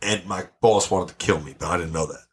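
Brash, lower-voiced man telling stories. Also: brisk. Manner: brash, profane, animated storyteller. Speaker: podcast guest. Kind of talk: casual storytelling.

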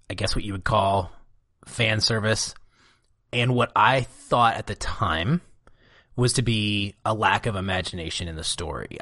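A man's voice: lowish voice, fairly bright tone, dry recording, clean studio sound. A man co-hosting a film podcast, talking through his reactions in a casual, reflective way. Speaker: podcast co-host.

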